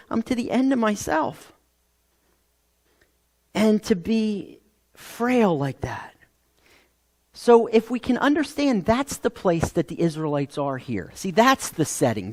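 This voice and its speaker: A man preaching a sermon as pastor, animated, acting out quoted voices and asking rhetorical questions. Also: sits high. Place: church sanctuary. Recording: long reverb of a hall.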